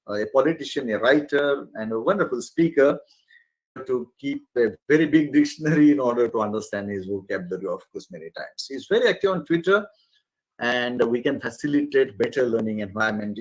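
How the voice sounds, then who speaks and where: A lecturer leads an online faculty training session, his pitch swooping freely. He has a slightly husky tone and talks expressively, often pausing with little fillers. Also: poor audio. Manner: expressive, animated, with frequent fillers. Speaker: college lecturer.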